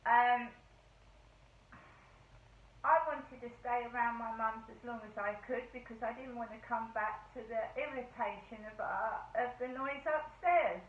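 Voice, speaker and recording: A woman's voice: on the high side, steady tone, unhurried, far from the mic. A woman rambling through an indignant casual monologue as a vlogger. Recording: tinny phone-like, roomy echo.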